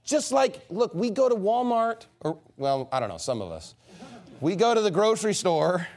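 A man preaching a sermon as pastor, in an animated, mocking and emphatic manner. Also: sits high, moderate pace.

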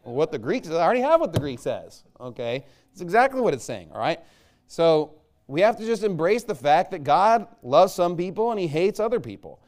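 A man preaching a conversational sermon, emphatic, punching his points and tagging them with "okay?" and "all right?". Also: a little fast. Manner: lively, jumps between loud stresses and low asides.

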